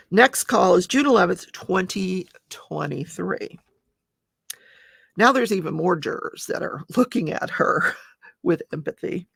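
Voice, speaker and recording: A woman's voice: on the low side, gravelly, slightly rough, dry recording, clean studio sound. A woman hosting a channel, casually recapping a trial and reading call transcripts aloud with chatty asides. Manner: chatty, reads testimony in plain voice with asides. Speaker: true crime channel host.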